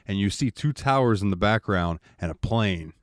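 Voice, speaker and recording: A man's voice: fairly low pitch, moderate pace, no room sound, studio quality. A man co-hosting a podcast, telling stories animatedly in casual chat. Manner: animated storytelling with laughs and voices. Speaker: podcast co-host.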